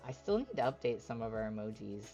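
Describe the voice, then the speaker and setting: Guy streaming pack openings, raspy gravelly voice, laid-back chatter, reads each card out loud. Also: lowish voice, fast talker, muffled recording, soft background music. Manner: reads card text aloud in a relaxed running commentary. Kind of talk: casual live-stream chat.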